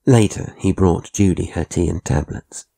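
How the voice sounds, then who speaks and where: A man narrates a horror audiobook with measured, atmospheric delivery. His voice is very deep and gravelly, with a dark, husky tone.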